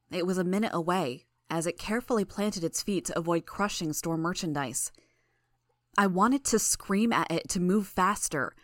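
Low-voiced woman narrating an audiobook. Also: no room sound, studio quality. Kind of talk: first-person audiobook narration.

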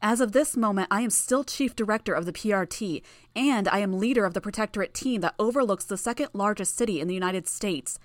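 A woman's voice: medium pitch, a little fast, no echo, natural voice. A woman voicing a stern, commanding woman leader who speaks with force.

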